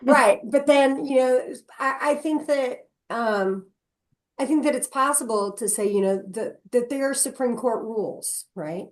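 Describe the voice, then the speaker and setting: A woman's voice: on the high side, a little slow. A woman mediator speaking earnestly on a panel, often ending her points with rhetorical questions. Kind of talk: panel discussion.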